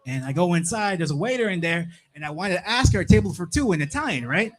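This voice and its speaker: Young man, stand-up comic, high voice, laid-back, says "man" and "right?" a lot, club stage, handheld mic. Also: animated, fast, soft background music. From Plymouth, Massachusetts. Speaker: stand-up comedian. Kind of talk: stand-up comedy set.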